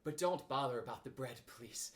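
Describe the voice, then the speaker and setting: A man's voice: mid-range voice, normal speed, lightly acted. A man voicing a greedy, simple-hearted teddy bear in a storybook reading, plaintive and easily flustered. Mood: eager.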